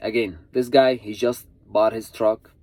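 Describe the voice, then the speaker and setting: A man's voice: fairly low pitch, fairly even intonation, unhurried, darkish tone, dry recording. A truck driver vlogger, a man telling a story in a casual, earnest way, repeating himself and pleading with other drivers to stay safe.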